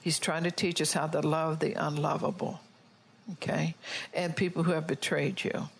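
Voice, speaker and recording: A woman preaching a sermon, emphatic and scolding, who calls on the congregation to agree and slows down for quoted scripture. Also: low voice, little pitch movement, gravelly, slightly rough.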